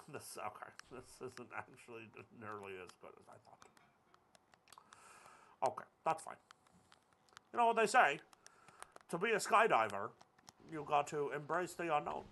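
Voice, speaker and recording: A man's voice: a little high, big pitch swings, moderate pace, long pauses, bright, forceful tone, slight background noise. A young man giving casual commentary over his gameplay, joking, rambling and cursing at the game. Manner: jokey, rambling, swears at the game. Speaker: gaming video creator.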